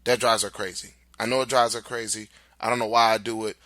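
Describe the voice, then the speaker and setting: A middle-aged man talks straight into a close podcast mic in a casual monologue. His voice is bright and forward, recorded dry with no room sound, and he keeps checking in with "right?" as he goes. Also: lowish voice, level tone, fast talker, no echo. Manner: conversational, repeats "right?", restarts words. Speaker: podcast host and relationship coach.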